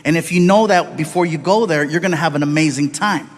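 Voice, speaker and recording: A man from the United States doing animated stand-up storytelling on a live comedy stage, acting out voices and swinging between loud and soft. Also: on the high side, quick pace.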